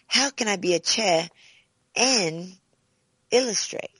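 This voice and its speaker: A woman's voice: medium pitch, lively intonation, slow pace, fairly bright tone, husky, no room sound, pitched above the performer's own voice, heavily acted. A woman putting on a bad British accent to voice a busy, apologetic male friend. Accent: British, put on badly.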